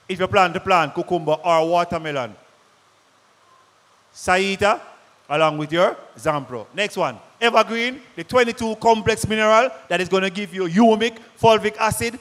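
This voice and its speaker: A Jamaican man with a notably high voice, presenting farm products to a big audience. He talks with punchy energy and keeps quizzing the crowd. His voice rings out with the long reverb of a large hall. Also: fairly bright tone. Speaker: product presenter at a farmers' forum. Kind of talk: lively sales presentation to a live audience.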